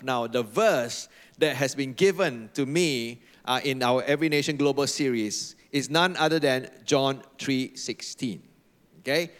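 In a church hall full of long reverb, a man with a slightly high, bright voice delivers a sermon as pastor. He repeats phrases emphatically and guides the congregation through call-and-response reading aloud.

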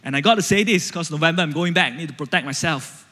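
A Malaysian man in his thirties delivers a sermon with a notably high voice. He talks conversationally, telling stories and checking in with the congregation. His words ring out with the long reverb of a church hall. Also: fast, sharp tone. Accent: Malaysian English. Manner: conversational, storytelling, frequent "right?" check-ins. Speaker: preacher.

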